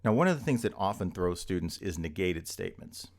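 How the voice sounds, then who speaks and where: A man with a low, gravelly voice teaches an introductory logic lesson. He explains step by step, repeating examples and often pausing to ask "right?" His delivery is that of a recorded lecture. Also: lively intonation. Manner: explanatory, repeats points with frequent "right?" checks. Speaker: logic instructor.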